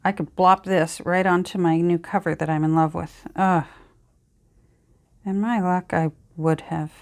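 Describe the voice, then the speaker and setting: A woman's voice: fairly low pitch, fairly even intonation, measured pace, darkish tone. A middle-aged woman with a Canadian accent, chattering casually while she crafts, rambling and chiding herself with many ums and sighs. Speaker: crafting vlogger.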